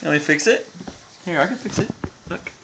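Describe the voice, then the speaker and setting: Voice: medium pitch, lively intonation, normal speed, creaky, heavy background noise. A parent talking in playful sing-song baby talk to toddlers in a home video, recorded on a phone indoors. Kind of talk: home video chat with small children. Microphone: phone camera.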